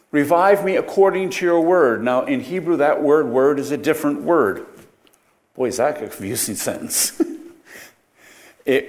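A man teaching a Bible study lecture, explaining verses with frequent rhetorical questions and self-corrections. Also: mid-range voice.

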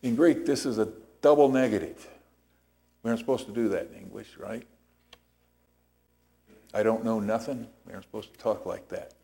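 A man's voice: on the low side, lively intonation, fast, vocal fry, mellow. A man preaching a sermon as pastor, explaining scripture step by step and checking in with rhetorical questions.

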